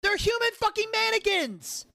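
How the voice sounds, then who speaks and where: High, gravelly-voiced man ranting profanely. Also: very animated, moderate pace, bright, forceful tone. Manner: argues in rhetorical questions. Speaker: podcast co-host. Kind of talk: casual podcast chat.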